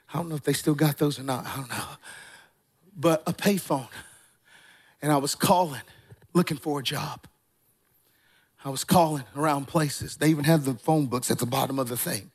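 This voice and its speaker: Pastor guy, 40s, high voice, tells stories from the pulpit, keeps asking the crowd stuff. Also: a bit bright. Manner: conversational storytelling, quizzing the congregation. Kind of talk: sermon.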